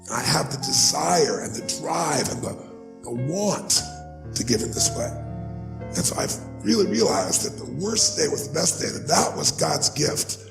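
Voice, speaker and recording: A man gives a heartfelt motivational talk in a deeply gravelly voice, earnest and personal. His voice echoes around the room, and soft music plays underneath. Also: moderate pace. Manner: earnest, building to rising excited pitch when moved. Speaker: motivational speaker. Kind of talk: emotional personal storytelling speech.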